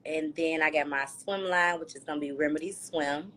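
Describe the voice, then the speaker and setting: A woman's voice: low voice, normal speed, a bit bright, slight background noise. A woman talking candidly in a loose, slangy way as the guest in a casual livestream chat on her phone. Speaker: reality show star being interviewed.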